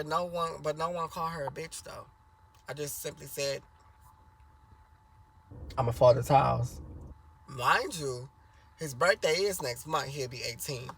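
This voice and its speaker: A man's voice: moderate pace, a little hiss or hum, rough recording. A man telling a family story in a rambling, casual way, full of fillers and restarts, with crude language. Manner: acts out quoted voices louder and higher.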